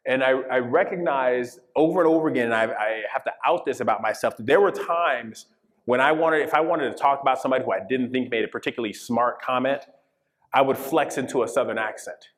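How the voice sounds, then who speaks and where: A man's voice: mid-range voice, fairly quick. A man from Colorado giving an interactive diversity workshop, speaking emphatically and checking in with the audience often. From Colorado, USA. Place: conference session room. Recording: long reverb of a large hall.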